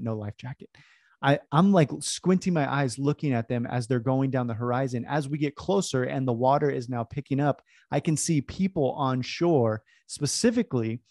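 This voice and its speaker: A man from California telling a personal story in an animated, self-deprecating way to an audience. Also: medium pitch, no echo, clean studio sound. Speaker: speaker. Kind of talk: storytelling talk.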